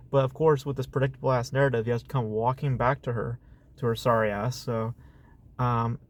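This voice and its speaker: Male vlogger, mid-pitched voice, venting about a film with blunt profanity and irritation. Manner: profane, exasperated, heavy on fillers and rhetorical asides. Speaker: film reviewer. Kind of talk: casual ranting movie review.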